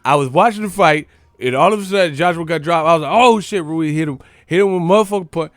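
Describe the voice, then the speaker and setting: A man's voice: on the high side, fast talker, no room sound. Profane mocking man ranting. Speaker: boxing channel host. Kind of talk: casual live-stream rant.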